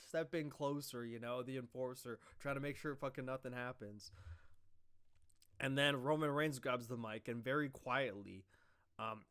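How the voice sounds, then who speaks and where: A man with a smooth, resonant voice recaps a wrestling show in a loose, rambling way. He swears freely and slips into quoted lines as he retells what happened. His pitch sits in an ordinary middle range. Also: fairly bright tone. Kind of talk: casual recap commentary.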